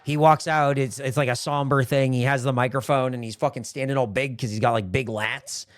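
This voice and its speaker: A young man casually chatting and narrating a wrestling game with friends, animated and swearing freely. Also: mid-range voice, fairly quick, dry recording, clean studio sound. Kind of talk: casual chat, play-by-play of a game.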